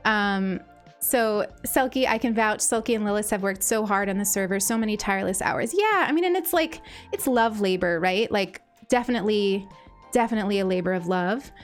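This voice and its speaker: A woman's voice: medium pitch, moderate pace. Female streamer, casual and effusive, stumbles over words, light music bed behind. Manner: gushing and grateful, many ums and restarts. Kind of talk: casual live-stream chat.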